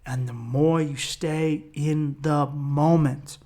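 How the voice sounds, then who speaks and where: A man's voice: on the high side, steady tone, slow pace, dark tone. A man hosting a solo podcast, talking in a rambling, reflective and profane way. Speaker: podcast host. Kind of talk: casual solo podcast monologue.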